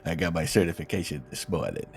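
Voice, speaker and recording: A man talking in character during a roleplay game with a very deep voice. It has a gravelly, creaky texture, and he keeps a laid-back, deadpan manner. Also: fast talker.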